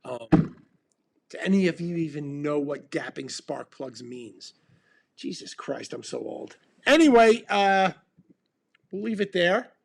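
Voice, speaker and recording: A man's voice: fairly high pitch, expressive, takes it slowly, creaky, long pauses. A man in his fifties hosting a casual livestream chat, rambling and laid-back with many ums while sipping bourbon. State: drinking bourbon while talking. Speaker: band member hosting a livestream.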